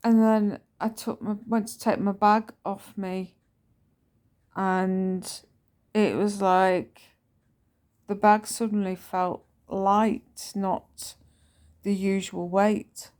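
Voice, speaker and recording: A woman's voice: medium pitch, little pitch movement, slow pace, a little mellow. A woman telling a personal story in a casual, rambling vlog. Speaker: vlogger.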